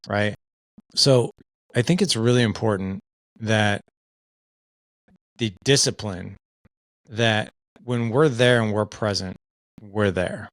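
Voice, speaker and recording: A middle-aged man, a podcast guest, telling stories in an earnest, animated way with plenty of filler words. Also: fairly low pitch, a little slow, pauses often, no echo. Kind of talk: casual conversation.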